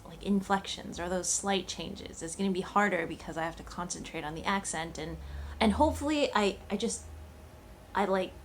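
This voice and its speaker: A woman's voice: on the low side, moderate pace. Chatty woman vlogging, faint room hiss. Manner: chatty, thinking aloud with many fillers and restarts. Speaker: cooking channel host. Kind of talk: casual vlog chat.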